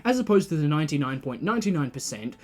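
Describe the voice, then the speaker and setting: An Australian man hosting a satirical news parody in a sardonic, swearing, animated delivery. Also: on the high side, quick pace.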